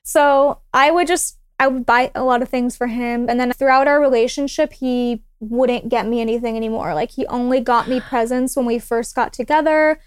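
A young woman with a high, clear, smooth voice tells a personal story on a podcast. She talks in a relaxed, chatty way and acts out other people's lines as she goes. The sound is close and dry. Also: moderate pace, few pauses, no echo. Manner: animated, acts out quoted dialogue. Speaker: guest. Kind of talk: casual storytelling.

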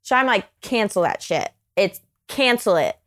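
A woman's voice: medium pitch, expressive, moderate pace, fairly bright tone. A young adult woman, a podcast guest, telling a personal story in casual chat and often saying "like". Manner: chatty, filler-heavy with frequent "like".

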